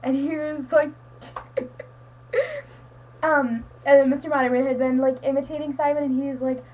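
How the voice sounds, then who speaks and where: A woman's voice: sits high, level tone, normal speed, long pauses, a little hiss or hum. Chatty teenage girl on a lo-fi webcam. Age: teens. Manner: chatty, rambling, full of "like" and "um". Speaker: student vlogger. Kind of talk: casual webcam chat. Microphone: webcam mic.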